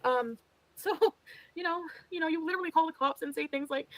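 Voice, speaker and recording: A woman's voice: high-pitched, fairly quick, dry recording, poor audio. A woman streamer venting on a livestream, exasperated and resigned, swearing often. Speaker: streamer in a played clip.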